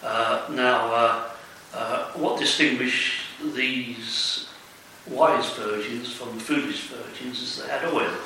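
A man shares his thoughts at a Bible study in a bright, forward voice. He speaks very slowly and haltingly, often stopping on "uh" before going on. He is heard from a distance in a very echoey room with a faint hiss. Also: mid-range voice, steady tone, creaky. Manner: halting and hesitant, with many "uh"s.

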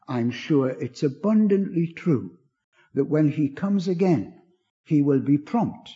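An older preacher with a high, highly animated voice that climbs on emphasis and sinks to a hush. His delivery is slow, earnest and gentle. The recording sounds dull and lo-fi. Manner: earnest and gentle, rising with emphasis then dropping low. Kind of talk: sermon.

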